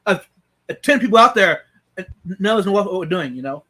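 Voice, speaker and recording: A man hosting a casual live stream, talking in halting starts and repeating words as he reads viewer comments. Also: high voice, animated, sharp tone.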